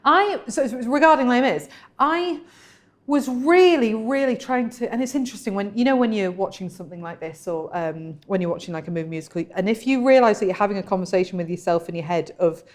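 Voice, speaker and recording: A woman's voice: mid-range voice, a little fast. A young British woman co-hosting a podcast, talking in an enthusiastic, chatty way. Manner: chatty and enthusiastic, many restarts. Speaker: podcast co-host. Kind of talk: casual chat.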